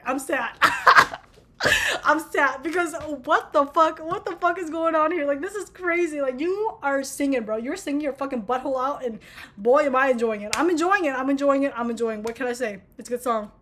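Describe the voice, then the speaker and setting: A young woman vlogging in a casual, excitable rant, gushing and swearing freely. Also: high-pitched, a little hiss or hum.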